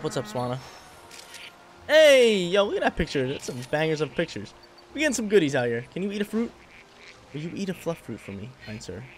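A young man giving casual, excitable gameplay commentary full of slang, talking to the creatures on screen. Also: fairly high pitch. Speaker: gaming channel host.

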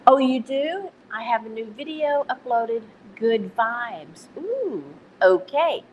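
A woman's voice: a little high, lively intonation, slow, muffled recording, a little hiss or hum. A woman with a Texan accent hosting a casual live stream, chatty and self-deprecating, laughing at her own slips. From Texas.

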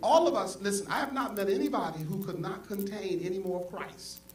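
A male pastor preaching a sermon, swinging from soft asides to loud exclamations. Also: sits high, expressive, brisk, recorded from a distance. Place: church sanctuary. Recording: echoey church hall, mic from afar, congregation audible. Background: congregation.

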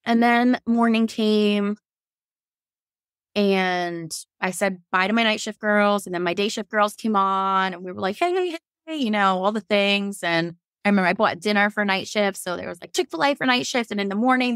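A woman's voice: mid-range voice, fairly quick, dry recording, studio quality. A woman in her thirties from Virginia, a podcast guest telling her birth story in a casual, frank way, acting out her own and others' words and laughing often. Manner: animated, quotes herself and others, laughs often.

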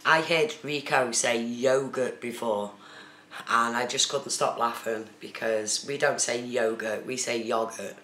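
A woman's voice: very deep voice, measured pace, bright, forceful tone. A woman from the UK chatting casually on a live stream, reading out viewer comments and answering them. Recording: echoey room with faint noise.

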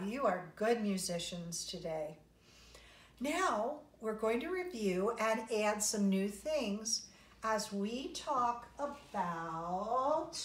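A woman teaching a kindergarten music lesson, cheerful and encouraging, singing and clapping rhythms with the children. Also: on the high side. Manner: cheerful, sing-song, slow and encouraging, spells and claps along. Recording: echoey room, voice from a distance.

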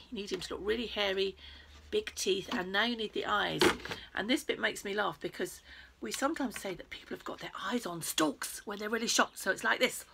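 A British woman presenting a crafting lesson for young children, animated and playful, speaking straight to the kids. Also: on the high side, vocal fry, heavy background noise. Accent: British English.

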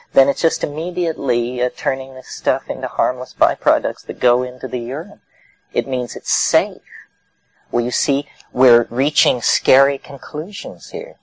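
American man, forties, wry conversational lecturer with a mid-pitched voice, close and dry. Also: vocal fry, husky, dry recording, rough recording. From United States. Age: 40s. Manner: wry, conversational storytelling with vivid analogies. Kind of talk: public lecture.

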